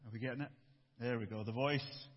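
A man pastor giving a sermon and reading a storybook aloud, with relaxed, self-interrupting asides. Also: mid-range voice, brisk. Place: church. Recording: dull echoey church hall.

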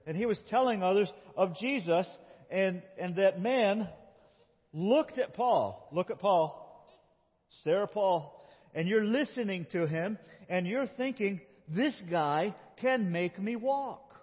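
At a measured pace, a man with a high, breathy-edged voice guides kids through acting out a scripture story in a lively, playful children's sermon. The church sanctuary is large and reverberant, and the recording is dull.

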